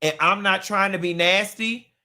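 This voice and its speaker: A man hosting a live gossip talk show, sassy and animated, with sudden squealing jumps in pitch. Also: moderate pace. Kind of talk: live-stream gossip commentary.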